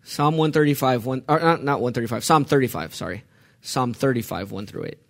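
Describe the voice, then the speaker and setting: A man preaching a sermon on the Psalms, reading scripture and asking his listeners questions, moving from quiet reading to loud, emphatic outbursts. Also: medium pitch, brisk, gravelly. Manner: asks the audience questions.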